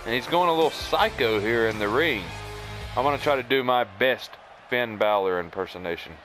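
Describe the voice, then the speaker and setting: A man's voice: mid-range voice, moderate pace, fairly bright tone, faint music behind. A man commentating on his own game playthrough in a casual, rambling, wry way. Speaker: gaming commentator. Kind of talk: let's play commentary.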